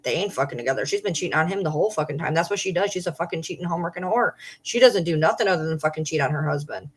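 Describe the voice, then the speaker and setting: A woman's voice: sits low, expressive, racing, breathy edge. A woman putting on a spiteful former classmate who gossips in a catty, conspiratorial and profane way. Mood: gossiping.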